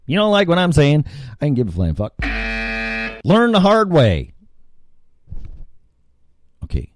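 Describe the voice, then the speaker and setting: A man's voice: fairly high pitch, huge pitch swings, measured pace, over music. A man hosting an ad-libbed talk radio show, irreverent and swearing freely as he reads the news sarcastically.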